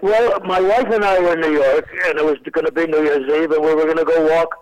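Older male comic, higher-pitched voice, rambles through stories and lands the jokes deadpan. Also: fast talker, muffled recording. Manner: rambling anecdotes with deadpan punchlines. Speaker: comedian guest. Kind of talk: storytelling interview chat.

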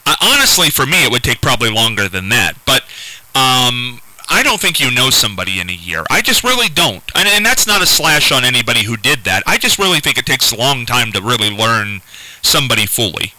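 A man hosting a call-in radio show, talking unscripted and halting, often repeating words and restarting. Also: mid-range voice, big pitch swings, pushed and bright, no room sound, rough recording. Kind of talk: casual unscripted call-in talk.

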